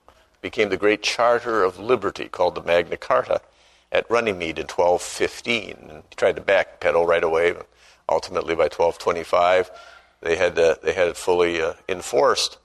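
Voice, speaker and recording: A man's voice: deep voice, moderate pace, fairly bright tone, rough recording. A man preaching a sermon who tells stories and acts out the voices he quotes, and reads scripture in old-fashioned wording.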